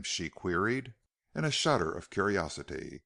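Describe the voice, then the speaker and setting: A man narrating an audiobook with measured, expressive storytelling. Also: fairly low pitch, creaky.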